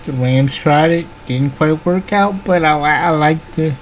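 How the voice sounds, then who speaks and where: A man's voice: a little high, measured pace, a little hiss or hum. A man live streaming a football watch-along, chatting casually and talking back at the TV as he thinks aloud.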